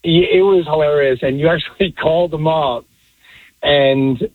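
A man's voice: on the high side, unhurried, dry recording. A man calling in over a tinny phone line. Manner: hesitant, rambling. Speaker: caller. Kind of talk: call-in chat.

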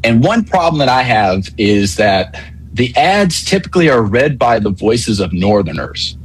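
A male caller explaining his points in a measured, polite way on a call-in radio show. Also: medium pitch, very animated, slightly rough, low-quality recording.

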